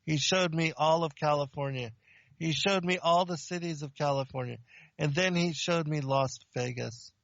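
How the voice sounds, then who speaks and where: A man's voice: a little high, normal speed, gravelly, a bit bright, no echo, dull audio. A man from Romania, preaching and telling his testimony plainly and earnestly in short sentences. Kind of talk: testimony sermon.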